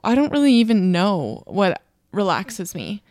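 A woman's voice: medium pitch, wildly swooping pitch, measured pace, a little mellow, no room sound, clean studio sound. A woman in her twenties co-hosting a podcast, chatting casually, laughing often and swearing now and then. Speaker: podcast co-host. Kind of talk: casual chat.

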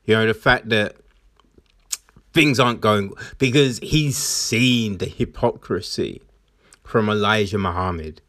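Slow, rambling male film reviewer. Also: on the low side, fairly bright tone, no room sound, studio quality. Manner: rambling, many fillers and restarts. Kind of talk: casual film recap.

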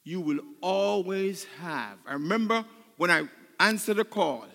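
A man's voice: high voice, lively intonation, a little slow. Older man, pastor, sermon, emotional and choked up, fervent, echoing church hall. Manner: emotional, building to loud fervent preaching. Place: church sanctuary.

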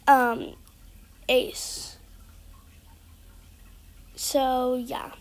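High-voiced hesitant teen girl vlogger. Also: darkish tone. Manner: hesitant and apologetic, many fillers. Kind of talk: casual skit vlog.

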